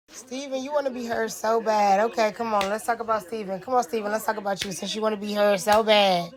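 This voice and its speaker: A woman's voice: medium pitch, steady tone, normal speed. A young woman giving blunt, sassy live commentary on a reality show, laughing and cursing as she reacts. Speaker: reaction vlogger.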